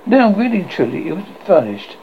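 A man reading a children's novel aloud for an audiobook in a halting way, often stopping to correct himself, in a dull lo-fi recording. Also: sits high, very animated. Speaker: audiobook reader. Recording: dull lo-fi recording with faint hiss.

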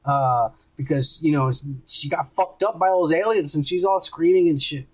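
A man hosting a podcast in casual chat, retelling scenes in a profane, animated way. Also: a little high, normal speed, slightly rough, low-quality recording. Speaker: podcast host.

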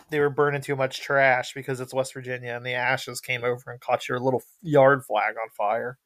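A man, co-hosting a podcast in casual chat and telling rambling, animated stories. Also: mid-range voice, no room sound. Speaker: podcast co-host.

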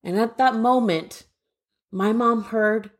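A young woman who grew up in Canada tells a funny childhood story in a fairly high voice, taking it slowly. Her personal storytelling is lively and comic, full of playful mock voices.

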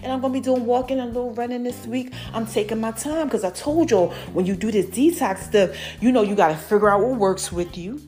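A woman hosting her own podcast, giving a casual, lively update to her followers and calling them y'all and baby. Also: on the high side, brisk, hardly any pauses, soft background music. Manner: lively, chatty, calls listeners y'all and baby. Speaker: podcast host.

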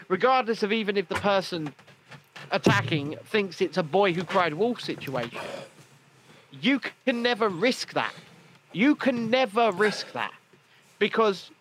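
A man with a fairly high voice talking in a loose podcast chat, with a faint hum of room noise behind him. He drives his points home by saying them twice, trips over his own starts and swears freely. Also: fairly bright tone. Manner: emphatic, repeats phrases, stumbles and restarts, swears. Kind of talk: casual chat.

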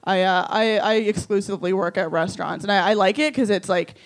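A young woman works through a stand-up set on a small bar stage. She mocks herself with flat, deadpan lines and keeps breaking into small giggles. Her voice sits in an ordinary middle pitch. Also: a little fast. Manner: self-deprecating, deadpan punchlines with frequent giggles. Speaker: stand-up comedian.

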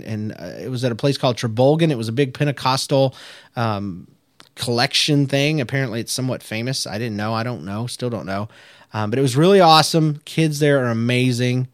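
A man in his thirties talks casually on his podcast, upbeat and chatty, often restarting his sentences. His voice sits in a middle pitch. The sound is dry and close to the mic. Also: clean tone, no room sound. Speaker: children's pastor and podcast host.

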